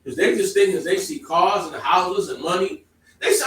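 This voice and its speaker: A man preaching a sermon to a congregation, emphatic, moving from calm explaining to loud exclamations. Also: sits high, moderate pace, slight background noise. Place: congregation hall. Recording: echoey room, from far off.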